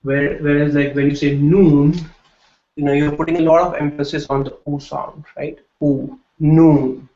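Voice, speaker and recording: Speaking at a moderate pace, the man's voice sits on the high side, with a darkish tone and little pitch movement. He's a Hindi teacher giving a classroom lecture, explaining with patience and regularly checking in with "right?". An echoey room and dull lo-fi sound mark the recording.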